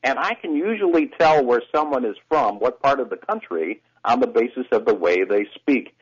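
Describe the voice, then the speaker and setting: Husky-voiced man, teacherly and lively. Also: mid-range voice, normal speed, highs cut off. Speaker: voice coach guest. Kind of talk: radio talk show chat.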